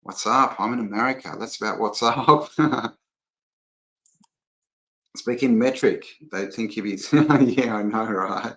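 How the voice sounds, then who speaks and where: Aussie guy on a livestream, low gravelly voice, rambling, saying hi to people in chat. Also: a little slow, long pauses, fairly bright tone, rough recording. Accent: Australian. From Australia. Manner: rambling and chatty, greets viewers by name. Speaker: livestream host. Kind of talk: casual livestream chat, reading out viewer comments.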